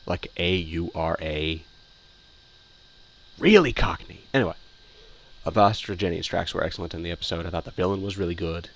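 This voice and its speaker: A man's voice: deep voice, fairly even intonation, fast talker, dull audio. A man casually giving a rambling opinion review, full of fillers, restarts and repeated phrases. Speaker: video reviewer.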